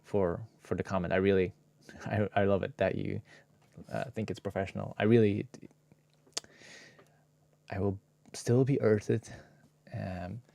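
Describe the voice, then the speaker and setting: A man live-streams himself editing a video and talks to his viewers in a loose, laid-back way, swearing now and then. His voice is low and gravelly, and he speaks slowly. The sound is close and dry, with no room echo. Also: mellow. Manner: talks to viewers while working, muttering and sometimes whispering to himself. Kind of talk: casual live-stream chat.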